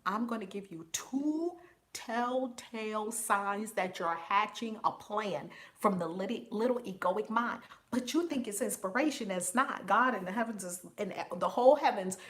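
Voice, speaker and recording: Bright-voiced, animated woman livestream host. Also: mid-range voice. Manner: animated, laughs often, talks to chat viewers by name. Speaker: host and spiritual teacher. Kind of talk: casual live-stream talk.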